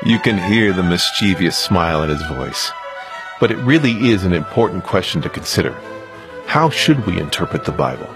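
A man hosts a radio teaching program in a very deep voice with a lively, rising and falling melody. He reads his scripted introduction in an announcer's manner, and clear music plays beneath him. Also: normal speed. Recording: broadcast voice over music. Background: music bed.

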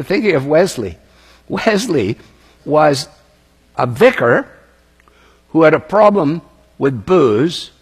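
A man's voice: fairly high pitch, breathy edge. A man preaching a sermon, reading scripture aloud and commenting on it in a conversational way. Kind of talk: sermon, expository Bible teaching. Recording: long reverb of a large hall.

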